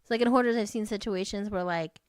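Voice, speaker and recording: Smooth-voiced woman reading notes. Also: mid-range voice, quick pace, dry recording. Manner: reads notes aloud, laughs easily. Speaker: podcast co-host. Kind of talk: casual chat, reading from articles.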